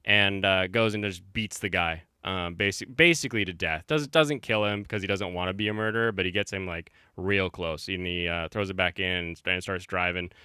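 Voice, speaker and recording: A man's voice: low-pitched, normal speed, hardly any pauses, sharp tone, clean tone, dry recording, clean studio sound. A man hosting a casual stream, chatting and telling a rambling story with many fillers and restarts. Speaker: stream host. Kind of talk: casual chat.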